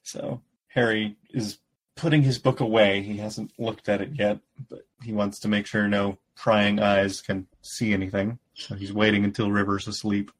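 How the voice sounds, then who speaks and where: A low-pitched man talks through the plot in an easy, matter-of-fact way. Now and then he chuckles at the jokes. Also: little pitch movement, normal speed, poor audio. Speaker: podcast co-host. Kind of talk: casual chat, retelling a story.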